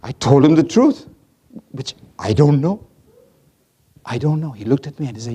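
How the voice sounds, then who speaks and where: Middle-aged male preacher, warm husky tone, dramatic storyteller who drops to a hush. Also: fairly high pitch, very animated, normal speed, long pauses. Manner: dramatic storytelling, swings from loud to hushed. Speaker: pastor. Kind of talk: sermon.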